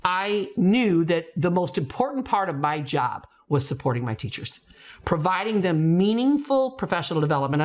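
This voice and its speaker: A middle-aged woman from the United States speaks straight to the viewer about her career. Her pitch swings widely as she leans into key words, earnest and emphatic. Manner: earnest, emphatic storytelling with rising exclamations. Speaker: education company founder, former principal. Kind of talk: personal story to camera.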